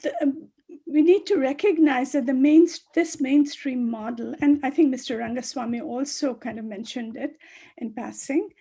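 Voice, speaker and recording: A woman speaking as a panelist on a video call, halting often with fillers and restarts. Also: sits high, dark tone, husky. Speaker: panelist, chapter co-author. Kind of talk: virtual panel talk.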